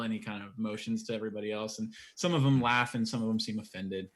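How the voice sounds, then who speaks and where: A man runs a tabletop game as game master. His voice sits fairly low, and his narration is casual and amused. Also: steady tone, quick pace, hardly any pauses.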